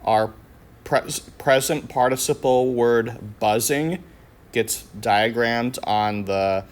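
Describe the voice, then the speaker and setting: A man teaching a grammar lesson, walking through each sentence with patient questions and answers. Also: medium pitch.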